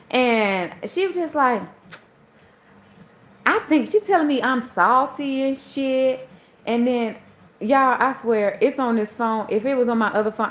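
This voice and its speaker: A woman with a Southern Charleston accent telling a personal story to viewers in casual chat, acting out the quoted lines. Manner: animated, acts out quoted dialogue in a high voice. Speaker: live stream host.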